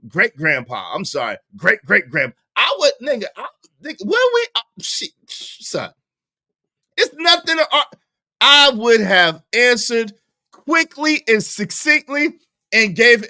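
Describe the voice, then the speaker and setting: A man doing casual livestream reaction commentary, animated and profane, laughing often and repeating himself for emphasis. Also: very high voice, measured pace, dry recording, studio quality.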